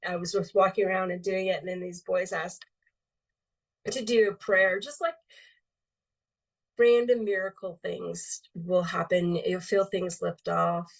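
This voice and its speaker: A woman with a low, gravelly voice talks her way through ideas in an easy, meandering flow, full of ums and likes. She sits back a little from the mic, so she sounds somewhat distant. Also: level tone, unhurried. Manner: meandering, filler-heavy, lots of um and like. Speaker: guest, intuitive healing medium. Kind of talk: relaxed conversational interview.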